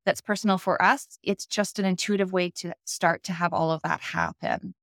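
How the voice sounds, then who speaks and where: Low-voiced woman coaching on speaking. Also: fairly even intonation, creaky, a bit bright, no room sound, clean studio sound. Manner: measured, explanatory, instructive. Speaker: public speaking coach, guest. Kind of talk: podcast interview.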